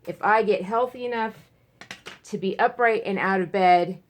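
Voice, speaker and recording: A woman's voice: mid-range voice, moderate pace, a little hiss or hum. A woman talking frankly in a rambling personal vlog at home, full of fillers and restarts. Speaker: vlogger. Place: at home, indoors.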